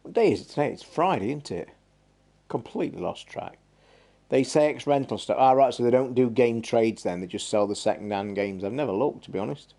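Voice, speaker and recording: A man's voice: medium pitch, lively intonation, fairly quick, dark tone. A man hosting a gaming live stream, chatting in a rambling, blunt and sweary way. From England. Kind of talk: casual live-stream chat.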